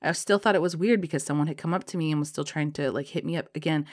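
A woman telling a personal story in casual chat, full of "um" and "you know," and acting out the dialogue in a lively way. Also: sits low, fast. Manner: chatty, lots of fillers like "um" and "you know".

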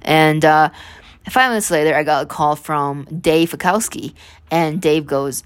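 Low-voiced woman podcaster telling a story. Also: measured pace. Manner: rambling, animated, many restarts and asides. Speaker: podcast host. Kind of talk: casual storytelling monologue.

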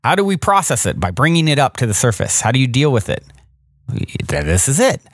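A man's voice: medium pitch, wildly swooping pitch, a little fast, dry recording, clean studio sound. A man hosting a podcast, commenting casually and thinking aloud with lots of fillers. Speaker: podcast host.

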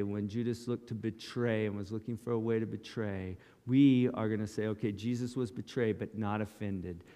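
A man's voice: medium pitch, darkish tone, clean tone, long reverb tail. A male pastor preaching a sermon in short, dramatic, emphatic lines.

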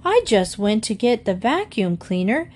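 A woman's voice: medium pitch, very animated, measured pace, a little mellow. A woman reading aloud, voicing a flustered mother who pleads in a raised, distressed voice. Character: flustered mother, middle-aged woman, tearful.

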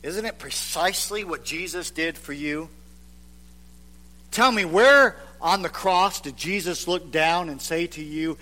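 A man preaching a sermon as a pastor, dropping to hushed, near-whispered lines for emphasis and acting out the voices of reluctant listeners. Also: sits high, animated, slow pace, long pauses. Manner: acts out the voices of reluctant churchgoers.

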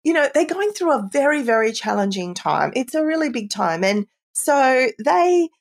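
Expressive woman explaining parenting ideas. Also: sits high, normal speed, gravelly. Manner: warm, explanatory, with frequent "you know" and light laughs. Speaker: parenting expert guest. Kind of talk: conversational podcast interview.

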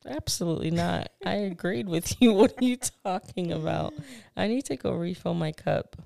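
A woman's voice: on the low side, normal speed, gravelly, mellow. A woman co-hosting a casual podcast, telling stories in a candid, profane, laughing way. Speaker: podcast co-host. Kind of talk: casual chat.

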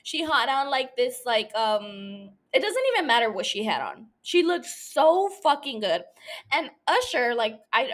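A woman's voice: on the high side, fairly bright tone. A young woman hosting her own podcast, chatting casually in a rambling, self-mocking way, swearing often and laughing. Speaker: podcast host. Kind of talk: casual solo podcast chat.

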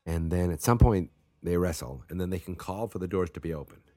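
A man's voice: deep voice, fairly quick, mellow, dry recording. A man with a Massachusetts accent, hosting a wrestling talk show in rambling, profane, self-mocking casual chat. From Massachusetts, USA.

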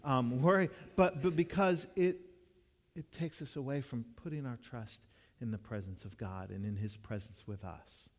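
Heard through the long reverb of a big hall, this man speaks at medium pitch and a moderate pace. He's a pastor delivering an earnest, storytelling sermon in a conversational way, frequently starting over and repeating himself.

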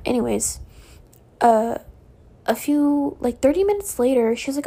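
A woman's voice: fairly high pitch, unhurried, pauses often, warm tone. A young woman telling a personal story in a casual, rambling way at home, full of "like" and "um".

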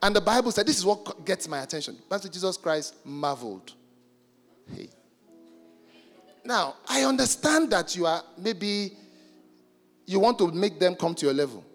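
High-pitched preacher from Nigeria, lively and playful, shouts for emphasis, faint music behind. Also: male voice, moderate pace, pauses often, in a large hall. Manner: animated, jokey, shouts for emphasis and stretches words. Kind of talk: sermon.

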